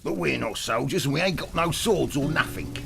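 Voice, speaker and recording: An actor playing a timid, cowardly villager who hems and hesitates in a game cutscene. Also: male voice, fairly high pitch, lively intonation, brisk, creaky. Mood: nervous. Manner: hesitant, hemming.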